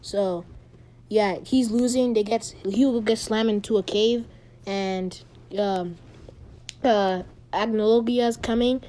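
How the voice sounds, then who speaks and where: A woman casually retelling a fan-made story, rambling and halting with many ums and restarts. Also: mid-range voice, steady tone, mellow.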